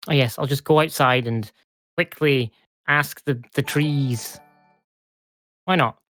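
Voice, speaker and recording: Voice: mid-range voice, slow pace, fairly bright tone, no room sound, soft background music. A tired player in a tabletop game who talks chattily and laughs between lines. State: overtired. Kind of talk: playing a character in a tabletop game.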